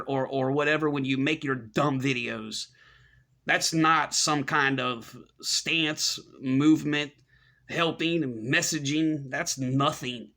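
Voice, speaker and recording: A middle-aged man hosts a commentary rant in a bright, sharp-edged voice that sits slightly high. He talks with open scorn, circling back over the same phrases, and mocks the people he criticizes. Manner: scornful, repetitive ranting with mocking voices. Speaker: commentary host. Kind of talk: ranting monologue.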